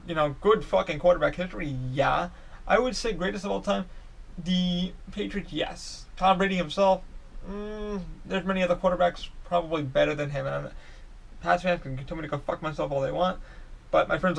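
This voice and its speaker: A young man hosting a podcast, rambling on in a profane, excitable, casual way with lots of restarts. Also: on the high side, normal speed, creaky. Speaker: podcast host.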